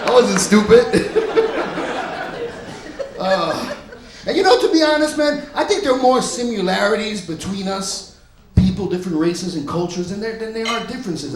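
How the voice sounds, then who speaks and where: A male stand-up comedian telling stories in a loud, punchy way on a club stage. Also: extremely high pitch. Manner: loud, punchy storytelling, often laughing. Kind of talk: stand-up set. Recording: echoey club room.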